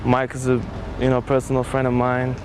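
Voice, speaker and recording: A man interviewed outdoors about a friend, speaking in a sad, halting way. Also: mid-range voice, completely flat delivery, background noise. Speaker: interviewed neighbor.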